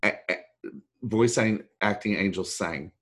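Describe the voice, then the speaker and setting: A man's voice: lowish voice, measured pace, slightly rough. Rambling man telling stories. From Texas. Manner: animated, rambling storyteller who acts out quoted voices. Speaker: voice actor guest. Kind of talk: storytelling anecdote.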